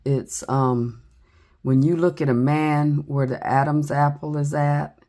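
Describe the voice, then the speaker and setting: A woman's voice: low-pitched, steady tone, slow pace, dark tone. A middle-aged woman, chatting casually in a craft vlog and telling a story with many ums. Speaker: resin craft vlogger. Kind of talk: casual rambling chat.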